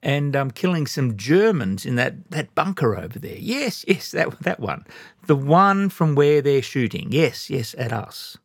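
A man's voice: medium pitch, big pitch swings, a little slow, no echo, studio quality. A man acting out a chatty, overly polite army captain who hesitates and rambles. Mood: awkwardly polite. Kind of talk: sermon illustration.

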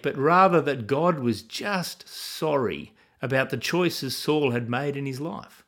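A man teaching from the Bible in a sermon style, earnest and asking his listeners questions. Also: medium pitch.

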